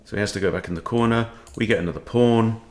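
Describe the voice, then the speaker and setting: A man with a somewhat low voice talks through a chess game live, as a coach commenting on his own moves. He thinks aloud in a loose, playful way and drops in joking asides between lines of analysis. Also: fast, darkish tone.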